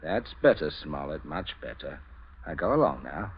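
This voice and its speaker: An actor playing a polite, murderous middle-aged father who chuckles with calm menace, in 1940s radio drama acting. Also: rumbling low, moderate pace, husky, exaggerated voice. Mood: menacing. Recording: dull, faintly hissy old radio broadcast.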